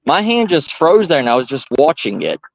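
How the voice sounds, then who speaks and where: A man's voice: on the high side, big pitch swings, vocal fry, muffled recording, a little hiss or hum. Rambling man telling a story. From Georgia, US. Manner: halting, rambling, many restarts and fillers. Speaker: storyteller host. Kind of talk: casual storytelling by a firepit. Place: outdoors by a firepit.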